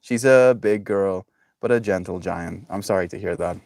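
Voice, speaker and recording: A man's voice: deep voice, normal speed, gravelly, darkish tone, no room sound. A young man chatting casually on a live stream, reading chat messages aloud and laughing often in a joking way.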